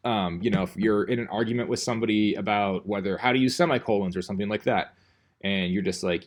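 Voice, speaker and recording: A man's voice: on the low side, quick pace. A male teacher giving a casual classroom lecture, rambling and conversational, full of fillers and restarts.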